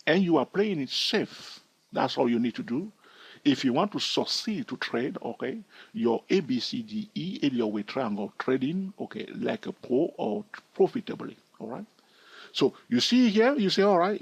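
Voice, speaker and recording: Teaching from a chart, this trading educator speaks on the high side, his slightly husky voice swinging up and down as he explains. He checks in often with "all right?", recorded close and dry without any room echo.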